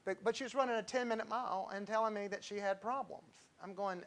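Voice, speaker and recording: A man's voice: sits high, steady tone, quick pace, a bit bright, slight background noise. A man, a doctor giving an informal health talk, chatty and digressive and telling patient stories.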